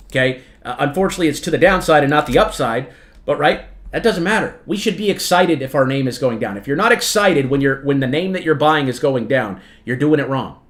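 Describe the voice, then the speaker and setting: A man's voice: mid-range voice, animated, a little fast, a bit bright. Emphatic man giving market commentary. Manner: emphatic, repetitive, peppers lines with "okay?" and "right?"; addresses viewers as "folks". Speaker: trading channel host.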